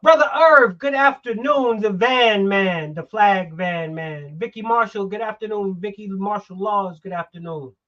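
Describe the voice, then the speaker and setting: A man's voice: sits high, measured pace, hardly any pauses, pushed and bright. Man, middle-aged, heated talk-show host, emphatic, dull lo-fi recording.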